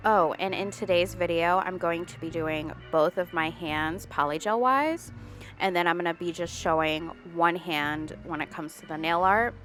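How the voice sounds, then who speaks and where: A woman's voice: lowish voice, moderate pace, fairly bright tone, faint music behind. A young woman with a congested, stuffy voice, chatting candidly as she narrates her nail art video. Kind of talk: voice-over narration. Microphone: borrowed studio microphone.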